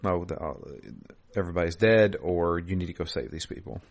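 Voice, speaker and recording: Man, very deep voice, casual podcast chat, remote call, easygoing. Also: fairly quick. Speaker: podcast co-host.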